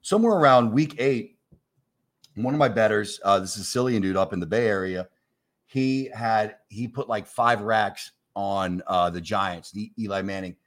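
A man's voice: lowish voice, normal speed. A man in his forties, a comedian from New York, telling a story in casual chat. He acts out the voices of the people in it and swears freely. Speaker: comedian guest.

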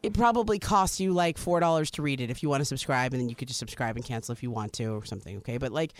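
A woman co-hosting a podcast, talking sports in a chatty, animated way. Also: a bass voice. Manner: chatty, animated, quick asides. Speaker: podcast co-host. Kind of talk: casual sports chat.

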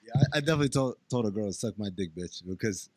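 A man's voice: fairly low pitch, racing, no room sound. A man co-hosting a podcast, asking questions and joking in a casual chat. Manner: lively, questioning, laughs a lot. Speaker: podcast co-host.

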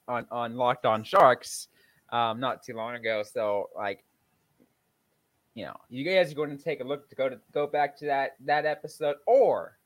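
A man's voice: medium pitch, a bit bright, no room sound. Easygoing man on a dry mic. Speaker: podcast co-host. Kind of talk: casual chat.

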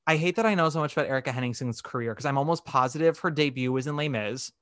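A man's voice: mid-range voice, rapid-fire, no room sound, studio quality. A man hosting a podcast, chatting casually and acting out quotes as he tells stories. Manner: chatty, animated storytelling, acts out quotes. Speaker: podcast host. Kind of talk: casual chat.

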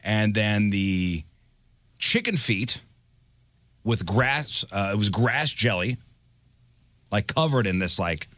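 A man co-hosting a podcast in casual chat, animated and jokey, rambling with restarts. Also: on the low side, slow, pauses often, no echo, clean studio sound. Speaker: podcast co-host.

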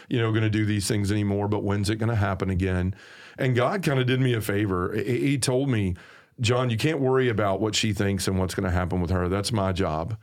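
Earnest Southern man giving testimony. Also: lowish voice. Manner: earnest, emphatic, repeats key phrases. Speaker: podcast guest. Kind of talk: personal faith testimony in conversation.

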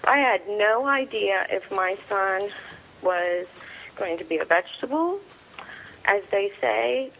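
A woman's voice: medium pitch, expressive, vocal fry, a bit bright, slight background noise, rough recording. Plainspoken middle-aged woman retelling events. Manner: plainspoken, retells events through quoted dialogue; halting, with frequent fillers and restarts. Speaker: interviewee, a soldier's mother. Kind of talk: personal storytelling.

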